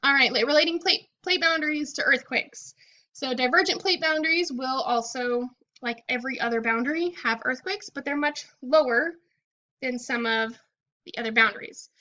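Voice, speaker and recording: A woman with a bright, forceful voice walks students through a recorded college lecture. She explains casually, checking in with "okay" and filling pauses with "um". The recording sounds dull and lo-fi. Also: high-pitched. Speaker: college geology instructor.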